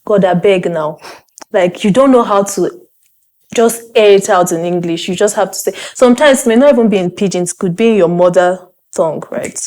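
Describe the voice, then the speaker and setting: Measured Nigerian woman guest. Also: medium pitch, darkish tone. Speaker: festival guest. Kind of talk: interview answers.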